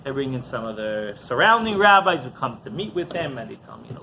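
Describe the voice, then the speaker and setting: Animated rabbi telling a story. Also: male voice, mid-range voice, slight background noise. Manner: animated storyteller, quick asides to the audience. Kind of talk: storytelling Torah class.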